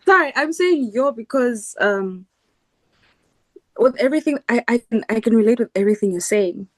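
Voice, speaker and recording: A woman co-hosting a podcast, talking in an excitable, rambling way. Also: a little high, moderate pace, dry recording. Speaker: podcast co-host. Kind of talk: casual interview chat.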